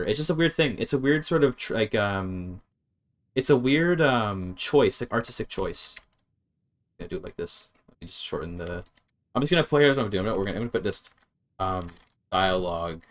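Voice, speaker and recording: Rambling young man streaming with a low voice. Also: expressive, normal speed. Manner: rambling, self-correcting, swears when frustrated. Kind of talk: casual livestream explaining grammar.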